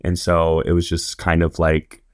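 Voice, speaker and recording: A man in his twenties from Indiana appears as a podcast guest, telling stories in a chatty, rambling style packed with fillers and quoted asides. His low voice is completely flat and a little slow, recorded in clean studio sound with no echo.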